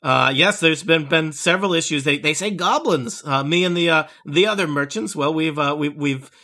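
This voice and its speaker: Guy doing a nervous little gnome shopkeeper, bright kinda raised voice, fussy and stumbly. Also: on the high side, moderate pace. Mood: worried. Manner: fussy, hesitant, stumbling over words. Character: small male gnome gem merchant, fretful and polite.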